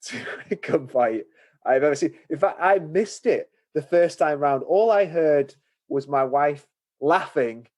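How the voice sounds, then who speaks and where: A man's voice: a little high, animated, unhurried, darkish tone. A man co-hosting a movie review podcast, chatting casually and retelling scenes with amused asides. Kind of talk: casual chat.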